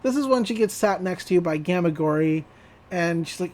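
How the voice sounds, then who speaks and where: A woman's voice: fairly low pitch, lively intonation, normal speed, a little mellow. A woman co-hosting a podcast, recapping an episode in casual chat, laughing often and swearing freely. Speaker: podcast co-host.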